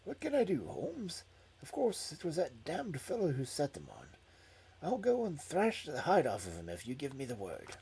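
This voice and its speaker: A man's voice: on the high side, wildly swooping pitch, moderate pace, creaky, warm tone, husky, full character voice. A man voicing a loyal, indignant male doctor friend who asks urgent questions.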